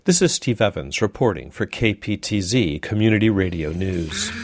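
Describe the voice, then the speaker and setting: A male community radio reporter reading a scripted news piece in a measured, careful way. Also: lowish voice, huge pitch swings, a little mellow, dry recording. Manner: measured, reads slowly and carefully.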